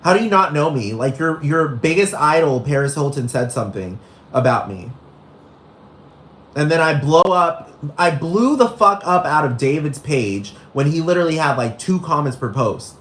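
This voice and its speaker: A man's voice: a little high, expressive, normal speed, a bit bright. A man performing a brash, gossipy young woman who goes on a rambling, profane rant in a comedic character monologue. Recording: roomy echo.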